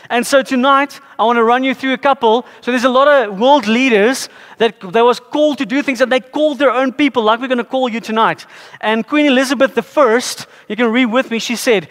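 A middle-aged woman preaching to a congregation, rambling a little, with joking asides and self-corrections. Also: a little high. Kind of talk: sermon to a congregation. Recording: long reverb of a large hall.

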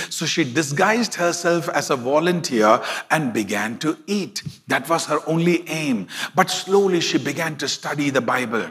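Man, middle-aged pastor, emphatic sermon, forceful bright tone, slightly high pitch. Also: animated, in a large hall. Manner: emphatic preaching, slows down and rises for scripture.

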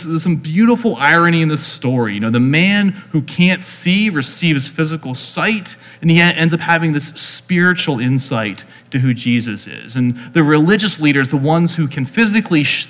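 A man's voice: a little high, a bit bright. Chatty male preacher in a reverberant hall. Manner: conversational, chatty, leans on "like" fillers. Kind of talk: casual teaching sermon.

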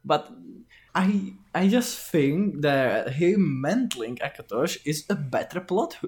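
A man's voice: fairly high pitch, expressive, slow pace, a little mellow, husky. A man co-hosting a casual podcast, joking around and theorizing with many fillers. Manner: loose and joking, filler-heavy. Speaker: podcast co-host. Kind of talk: casual lore discussion.

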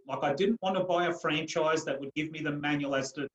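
A man with a slightly high voice tells his own story as an interview guest, earnest and emphatic throughout. He tends to double up his words as he builds toward a point. The room around him adds a clear echo to every phrase. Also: a little fast, fairly bright tone, muffled recording. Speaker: guest, coach and mentor. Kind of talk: personal storytelling in a podcast interview.

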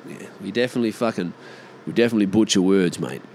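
A man's voice: lowish voice, fast talker, darkish tone, slight background noise. A man in his thirties with an Australian accent, rambling casually on his own and swearing freely. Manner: swears freely, mimics mates in exaggerated voices. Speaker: vlogger.

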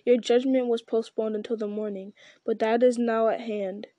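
A woman's voice: a little high, fairly even intonation, normal speed, dark tone, dry recording, dull audio, natural voice. A woman voicing an earnest, courteous young male hobbit.

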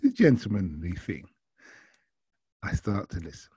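A man tells a casual anecdote from his taxi driving, chatty and quoting his passengers. His voice is very dark and a bit husky, recorded dry and close. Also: lowish voice, lively intonation, normal speed, no room sound. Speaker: taxi driver telling a story. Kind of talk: casual storytelling.

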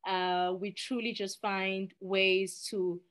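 A woman's voice: medium pitch, little pitch movement, slow pace, a bit bright. A woman from South Africa with a South African accent, answering interview questions in an earnest, upbeat way with many fillers. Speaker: guest, youth sports program coach.

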